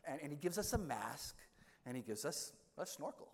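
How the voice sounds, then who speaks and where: A man's voice: fairly high pitch, sing-song, moderate pace. A middle-aged man, a priest, telling a funny self-mocking story in a sermon. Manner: self-deprecating humorous storytelling. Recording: echoey hall with long reverb.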